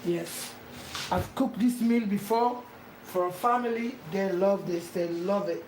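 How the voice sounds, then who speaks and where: A home cook talks the viewer through a recipe step by step in her kitchen, repeating instructions again and again. She speaks a little slowly at medium pitch, and the recording picks up echo and the sound of frying.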